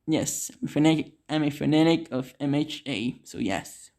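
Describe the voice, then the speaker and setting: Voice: mid-range voice, normal speed, a little mellow. A speaker improvising a fan story in a rambling way, full of "like" fillers and giggles.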